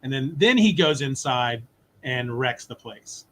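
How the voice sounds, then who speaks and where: A man with a medium-pitched voice co-hosts a podcast, animatedly recapping a comic story in casual chat and voicing its characters in quick asides.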